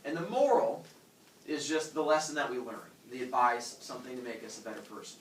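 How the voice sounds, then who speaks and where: A man's voice: medium pitch, fairly quick, slight background noise. A young male teacher lecturing a class, joking and acting out characters in silly voices. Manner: jokey, acts out animal characters in funny voices. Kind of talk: classroom lecture with playful storytelling. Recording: echoey classroom from far off.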